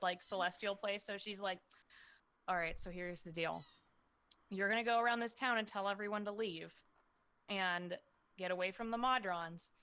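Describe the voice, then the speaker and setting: A woman with a medium-pitched voice talks through her character's actions in a tabletop game. She is playful and quick to laugh, and she slides loosely into her character's lines as she speaks. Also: bright, forceful tone. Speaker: player.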